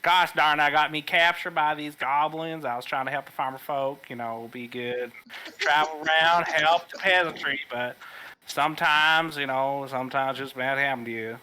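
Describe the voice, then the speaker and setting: A man's voice: a little high, moderate pace, bright, forceful tone, smooth. A man voicing an earnest young do-gooder with a put-on American Southern drawl and homespun grammar. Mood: folksy cheerful. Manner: homespun grammar, cheerful rambling.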